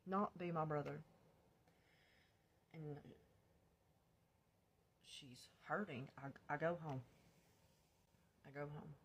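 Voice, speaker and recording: A woman's voice: deep voice, breathy edge, muffled recording. A woman vlogger telling her own life story in a blunt, confessional storytime, swearing freely. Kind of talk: candid storytime.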